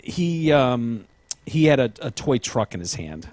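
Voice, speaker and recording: A man talks in a loose, meandering podcast chat, hedging his points and filling gaps with "um." His voice sits at an ordinary middle pitch for a man. The recording is dry and close, with no room echo. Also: big pitch swings, unhurried, darkish tone. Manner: rambling, hedging, lots of ums. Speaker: podcast host. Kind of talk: casual chat.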